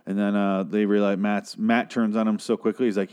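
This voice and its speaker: A man's voice: lowish voice, flat delivery, fairly quick, darkish tone, smooth. A man giving a casual, rambling episode recap, profane and opinionated, swearing freely. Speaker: TV show recapper.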